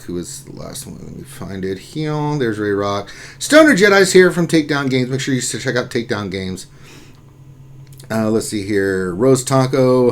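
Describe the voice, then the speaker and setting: A man hosting a casual lunchtime live stream, chatting loosely and reading out viewers' names and messages, often trailing off into quieter asides. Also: fairly low pitch.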